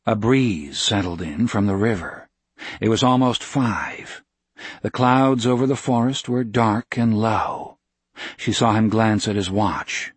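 Slow, husky male audiobook narrator. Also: on the low side, no echo. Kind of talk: scripted narration.

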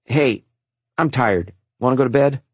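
A man's voice: mid-range voice, measured pace, darkish tone, husky, dry recording, pitched above the performer's own voice. A man voicing a streetwise young orphan boy who explains hard truths earnestly, in an audiobook. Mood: knowing. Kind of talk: audiobook character voice.

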